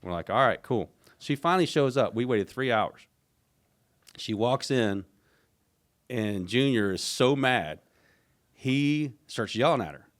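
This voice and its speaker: A middle-aged man, an interview guest recounting a story in a casual, animated way, acting out what others said. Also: mid-range voice, measured pace, long pauses. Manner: animated retelling, acts out quoted voices, frequent restarts. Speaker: interview guest, former team executive.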